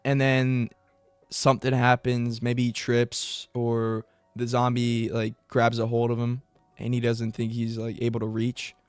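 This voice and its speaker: A man's voice: a little slow, smooth, no room sound, faint music behind. A young man talking casually and at length on his own as a commentary vlogger, rambling and swearing freely. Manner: rambling and profane, with bursts of high excited mock voices. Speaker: MMA commentary YouTuber.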